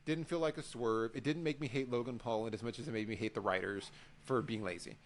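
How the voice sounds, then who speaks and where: A man's voice: mid-range voice, a little fast, a little hiss or hum. Exasperated man recapping wrestling. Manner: animated, exasperated, acts out quotes. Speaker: podcast co-host. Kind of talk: casual wrestling recap chat.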